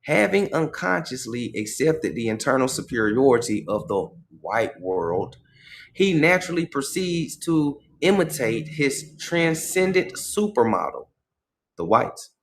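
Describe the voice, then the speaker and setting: A man's voice: mid-range voice, sing-song, a little slow, gravelly, slight background noise. A man hosting a livestream, reading a passage aloud and breaking off to comment in casual slang. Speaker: livestream host.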